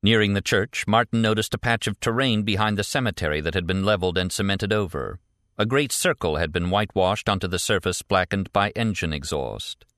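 Lowish-voiced man narrating an audiobook. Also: fairly bright tone, dry recording, studio quality. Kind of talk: scripted narration.

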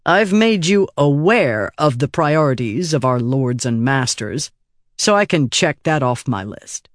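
A man's voice: mid-range voice, lively intonation, a little slow, no room sound, studio quality, natural voice. A man reading an audiobook, voicing a weary, cynical middle-aged intelligence boss who is sardonic and swears freely. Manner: sardonic and exasperated, with crude language.

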